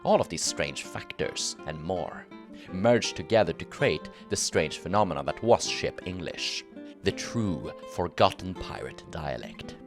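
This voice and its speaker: A man hosting a history channel, moving between scripted narration and relaxed, casual chat with the camera. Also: low-pitched, measured pace. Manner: explanatory, relaxed asides while drinking. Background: guitar music.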